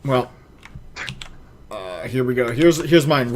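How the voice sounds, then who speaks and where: A man's voice: mid-range voice, lively intonation, takes it slowly, a little hiss or hum. A man co-hosting a casual podcast, teasing his partner in a dry way. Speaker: podcast co-host. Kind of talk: casual chat.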